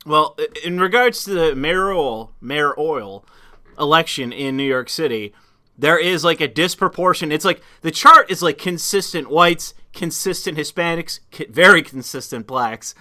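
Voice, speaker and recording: Casting: male stream host, high and bright, rambling through rhetorical questions. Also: animated, normal speed. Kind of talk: casual political chat.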